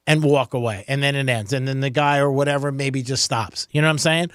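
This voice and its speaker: A man's voice: medium pitch, steady tone, a little fast, clean tone, no room sound, clean studio sound. A man co-hosting a radio talk show, emphatic and acting out the lines he imagines people saying. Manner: emphatic, acts out quoted lines. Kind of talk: casual radio chat.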